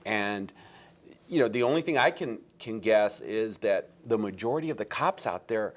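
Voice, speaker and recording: A man appearing as a guest on a political talk show, explaining his position at length in a deliberate way. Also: lowish voice, animated. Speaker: guest commentator.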